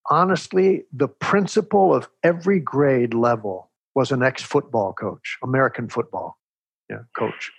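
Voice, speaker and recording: An older man from Texas, an interview guest telling stories in a measured, reflective way, with a husky voice. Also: medium pitch, no room sound. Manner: measured, reflective, animated storyteller. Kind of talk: storytelling in conversation.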